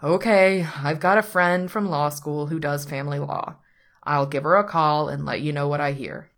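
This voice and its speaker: Woman voicing a dry male attorney, long-suffering, measured, low voice. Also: steady tone.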